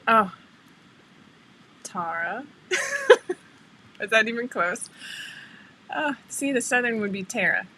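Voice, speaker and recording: Bright-voiced woman hosting a chatty livestream. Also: a little high, a little hiss or hum, low-quality recording. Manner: chatty, laughs often, greets viewers by name. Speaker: livestream host. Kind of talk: casual livestream chat.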